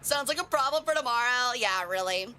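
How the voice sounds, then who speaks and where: A young woman streaming a tank game, chatting with viewers and swearing excitedly as she plays. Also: on the high side, a little fast, a little hiss or hum. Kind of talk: casual live gameplay commentary.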